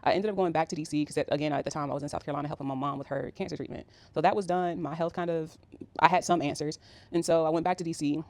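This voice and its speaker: A woman's voice: low voice, fairly even intonation, racing, darkish tone, no room sound. A woman in her thirties telling a personal story in a casual, rambling way, with many fillers. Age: 30s. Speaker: vlogger.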